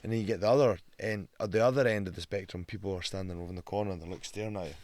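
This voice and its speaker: Low-voiced Scottish man telling stories. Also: rapid-fire, a crowd in the background. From Scotland. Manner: animated storyteller, swears a lot, acts out quotes. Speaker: guest, pro fighter. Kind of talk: casual podcast chat.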